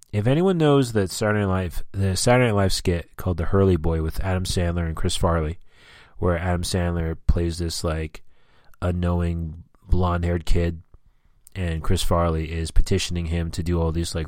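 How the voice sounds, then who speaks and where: A man's voice: on the low side, normal speed, no echo, clean studio sound. A man hosting his own podcast, rambling and ranting in casual, heavily profane talk. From New York and New Jersey area. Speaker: podcast host. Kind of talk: casual solo podcast monologue.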